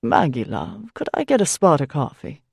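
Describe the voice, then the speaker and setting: Woman voicing a chatty male priest, deep. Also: very animated, normal speed, creaky, slightly rough, no echo, clean studio sound, exaggerated voice. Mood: friendly.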